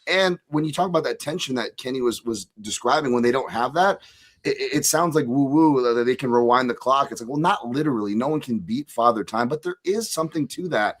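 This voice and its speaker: This Hawaiian podcast fight analyst has a mid-range voice with lively intonation and a fairly quick delivery. His casual talk wanders, full of restarts and frequent "right?".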